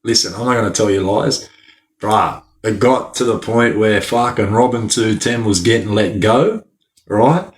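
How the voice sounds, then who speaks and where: This man's voice sits on the low side, and his pace is a little slow. He's a podcast guest spinning casual stories, rambling and slangy, with laughs breaking in often.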